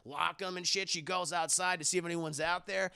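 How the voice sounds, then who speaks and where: A man's voice: high voice, steady tone, a little fast, vocal fry, pushed and bright, smooth. A man hosting a livestream, animatedly recapping a film to his chat with lots of profanity. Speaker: streamer host.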